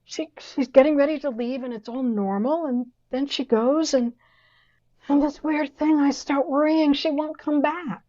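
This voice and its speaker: A woman's voice: sits high, fairly even intonation, warm tone. Hesitant older woman, dull lo-fi line. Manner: hesitant, halting, self-doubting. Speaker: guest, old friend. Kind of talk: casual chat between old friends.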